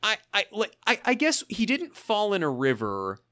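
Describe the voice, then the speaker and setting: A man co-hosting a movie podcast, chatting casually with quick, animated, stammering restarts. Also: sits high. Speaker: podcast co-host. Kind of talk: casual movie review chat.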